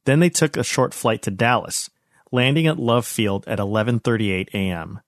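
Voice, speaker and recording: A man narrating a history podcast as host, in a measured, even storytelling manner. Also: medium pitch, no echo, clean studio sound.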